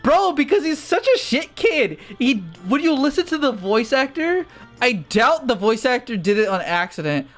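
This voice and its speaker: A man giving casual gameplay commentary, animated and joking, swearing freely. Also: extremely high pitch, normal speed, faint music behind. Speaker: let's play streamer.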